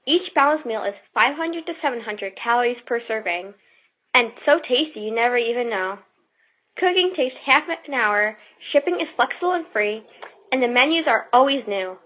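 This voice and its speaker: A woman's voice: fairly high pitch, lively intonation, normal speed, bright, forceful tone, rough recording. A woman reading a sponsor ad with her father, teasing him. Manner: teasing, giggly. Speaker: daughter reading an ad.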